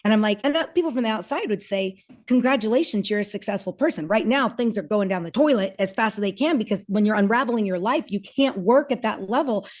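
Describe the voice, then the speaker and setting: A woman's voice: medium pitch, expressive. A woman in her forties, a podcast guest, talking candidly and earnestly, with frequent restarts, and voicing the people she quotes. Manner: earnest, halting with many restarts, acts out quoted dialogue. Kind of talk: candid personal conversation.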